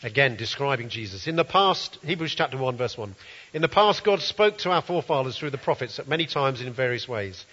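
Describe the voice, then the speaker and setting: A man's voice: medium pitch, lively intonation, a little fast, fairly bright tone. A man preaching a sermon, reading scripture aloud and commenting earnestly. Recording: dull, roomy hall sound.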